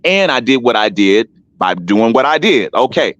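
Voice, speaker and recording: A man's voice: medium pitch, sing-song, moderate pace, fairly bright tone, dry recording. A man talking on an online panel show, telling a long story with emphasis, restarts and repeated names. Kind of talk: casual live-stream panel talk. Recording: dull lo-fi sound, dry.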